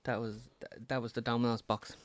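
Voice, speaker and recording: A man's voice: medium pitch, flat delivery, brisk, no echo. A young man co-hosting a podcast, telling a story in casual, rambling chat with many stop-start restarts. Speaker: podcast co-host.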